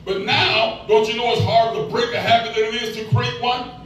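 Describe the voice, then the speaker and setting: A man's voice: very high voice, fairly even intonation, moderate pace, fairly bright tone. A man in his sixties preaching a sermon as pastor, folksy and calling out to the congregation. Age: 60s. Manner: folksy, call-and-response preaching. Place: church. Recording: echoey church from far off with music.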